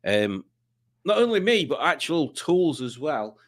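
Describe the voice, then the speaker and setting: A man's voice: fairly high pitch, very animated, a little slow. Rambling male livestream quiz host. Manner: rambling, reads viewer comments aloud with asides. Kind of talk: casual livestream chat.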